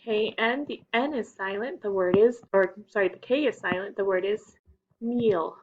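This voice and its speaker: Female teacher for early readers, unhurried and patient, even pitch, muffled home recording. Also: noisy background. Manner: slow, patient, stretches out the key words. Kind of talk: phonics lesson for young children.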